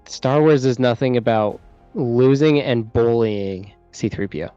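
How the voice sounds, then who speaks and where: A man chatting as a podcast guest, quick and agreeable in back-and-forth. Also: medium pitch, mellow, smooth, dry recording, soft background music. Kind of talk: casual chat. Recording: dull, dry lo-fi mic.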